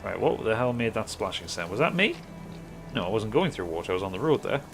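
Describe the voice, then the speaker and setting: A man's voice: on the low side, big pitch swings, quick pace, gravelly. A man giving casual, rambling, self-mocking commentary while playing a video game. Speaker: gaming YouTuber. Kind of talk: casual let's-play commentary. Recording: commentary over game music.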